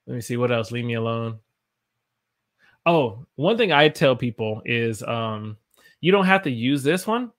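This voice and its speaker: A man's voice: mid-range voice, fairly bright tone. A man with an American accent teaching English in a casual livestream from his room at home, joking, laughing often and reading viewer comments aloud. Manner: playful, jokey, laughs often.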